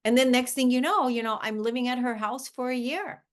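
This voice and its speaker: A woman with a high-pitched voice talks a little quickly as a guest in a conversational interview. She's a life coach who speaks earnestly, often restarting sentences and using filler words.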